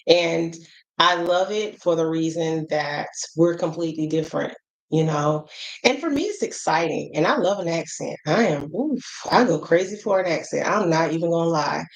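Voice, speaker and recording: Chatty American woman, low voice. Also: moderate pace, rough recording. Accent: African American English. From United States. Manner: chatty, frank, lots of fillers and asides. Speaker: travel vlogger. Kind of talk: casual advice chat to camera.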